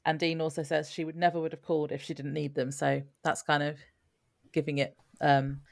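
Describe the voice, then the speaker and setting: A woman's voice: deep voice, little pitch movement, a little fast, vocal fry. A woman co-hosting a podcast, recapping an episode in an easygoing way, with many fillers. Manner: easygoing, laughs often, filler-heavy. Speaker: podcast co-host.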